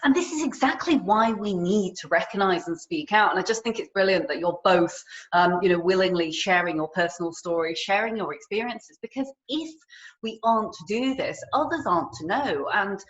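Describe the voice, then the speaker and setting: A woman hosting an interview podcast, originally from Hong Kong, speaking in a measured, affirming way. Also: medium pitch, lively intonation, dull audio. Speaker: podcast host.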